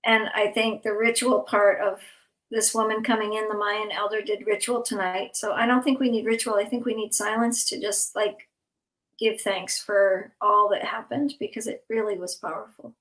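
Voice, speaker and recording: A woman's voice: mid-range voice, steady tone, normal speed, fairly bright tone, roomy sound, low-quality recording. A woman hosting a live online event, talking in a rambling, emotional way and laughing often, worn out and overtired. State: exhausted, overtired. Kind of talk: casual heartfelt chat.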